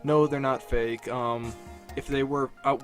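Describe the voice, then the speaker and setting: A man's voice: mid-range voice, steady tone, a little slow, faint music behind. A young man from Illinois answering viewer questions in a casual vlog, rambling, swearing, and filling his talk with "like" and "um". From Illinois, USA. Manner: rambling, profane, self-deprecating, lots of fillers. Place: dark room, alone.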